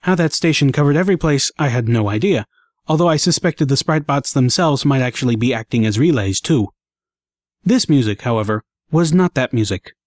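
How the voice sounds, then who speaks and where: A man reading a first-person action story aloud in an expressive, dramatic way. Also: medium pitch, a little fast, dry recording, clean studio sound. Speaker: audiobook narrator.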